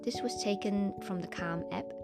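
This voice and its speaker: A woman guiding a meditation in a soft, soothing way. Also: mid-range voice, normal speed. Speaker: meditation guide. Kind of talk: guided meditation. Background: gentle guitar music.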